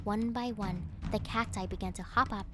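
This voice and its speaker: A woman narrating a first-person fantasy audiobook in an expressive, dramatic way. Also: medium pitch, normal speed, over music.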